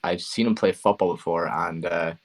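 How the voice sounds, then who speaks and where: A man's voice: sits low, steady tone, normal speed. A young man with a Donegal Irish accent, chatting casually on a podcast in a blunt, sweary, joking way. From Donegal, Ireland. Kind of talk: casual chat.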